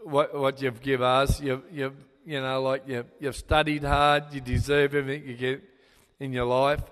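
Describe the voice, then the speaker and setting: A man's voice: medium pitch, level tone, moderate pace, a bit bright. An older man with an Australian accent giving a rambling, sentimental father-of-the-bride speech, full of fillers and restarts. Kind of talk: wedding speech. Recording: long hall reverb.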